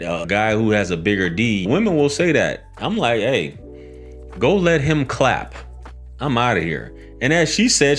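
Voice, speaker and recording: A low-pitched man in gives blunt reaction commentary, lecturing his male listeners in a preachy, casual way. Faint music runs under his voice. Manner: blunt, preachy, addresses the men in his audience directly. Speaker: podcast host reacting to clips.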